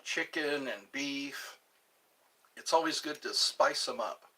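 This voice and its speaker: Sharp in tone, medium in pitch, and slow in pace, a channel host's voice sounds a bit distant from the mic. He chats casually on his solo vlog, pondering aloud as one topic slides into another.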